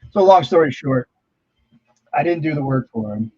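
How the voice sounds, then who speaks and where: This comic artist rambles through stories on a livestream while he works, sitting close to the mic. His voice is on the high side, darkish and husky, with animated delivery at normal speed. The sound is lo-fi, and his offhand storytelling includes some mild swearing.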